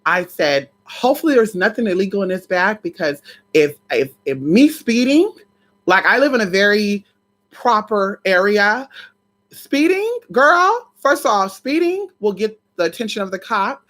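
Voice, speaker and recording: A woman vlogger casually telling a personal story to her viewers, animated and full of swearing, often calling them "y'all". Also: mid-range voice, measured pace.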